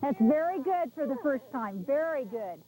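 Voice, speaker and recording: A woman animal trainer coaches pet owners outdoors on an old VHS tape. Her voice sits high but mellow, and her instructions come chatty and direct. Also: lively intonation, moderate pace, low-quality recording.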